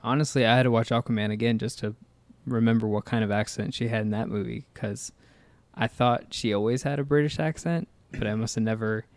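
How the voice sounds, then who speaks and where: A man's voice: on the low side, fairly even intonation, brisk, darkish tone, no echo. Rambling man chatting about a movie. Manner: rambling, hesitant, lots of fillers and restarts. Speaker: podcast co-host. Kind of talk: casual movie commentary chat.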